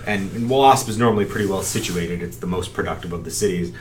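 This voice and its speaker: A young man narrates a tabletop game, wandering through his sentences with a lot of fillers. His voice sits a little low. A faint hiss runs under the recording. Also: fast. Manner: rambling, filler-heavy narration. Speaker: game master.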